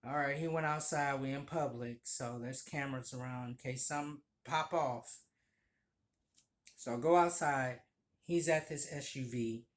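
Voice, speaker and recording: Man, casual vlog storytelling, animated, acts out quoted voices, medium pitch. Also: measured pace. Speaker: vlogger telling stories of his barista job.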